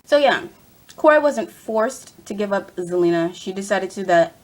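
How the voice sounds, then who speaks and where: A woman's voice: mid-range voice, lively intonation, moderate pace. A woman ranting casually about a TV episode, rambling and exasperated, with lots of fillers. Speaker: TV fan reviewer.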